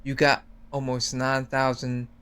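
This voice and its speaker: A man with a mid-range voice rants earnestly as a guest. He complains at length, steady and conversational. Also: medium pitch, unhurried, clean tone. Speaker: guest YouTuber. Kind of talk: casual chat.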